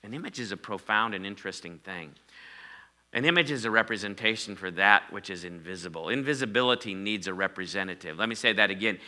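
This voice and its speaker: A man preaching with a strikingly bright, forceful tone that sits a little low in pitch. He is a middle-aged pastor who swings between loud declarations and quiet, drawn-out phrases. He calls on his congregation to repeat words with him. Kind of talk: sermon.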